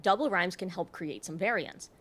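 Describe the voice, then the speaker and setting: A woman hosting an educational video, narrating from a script in a clear, explanatory way with the occasional wry aside. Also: on the low side, moderate pace, over music. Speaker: host.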